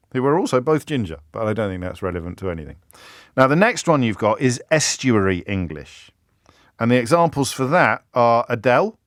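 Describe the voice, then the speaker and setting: Middle-aged radio host, musing and chatty, stammered restarts, dry close mic. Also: male voice, mid-range voice, dry recording. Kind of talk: live talk-radio monologue. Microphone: studio microphone.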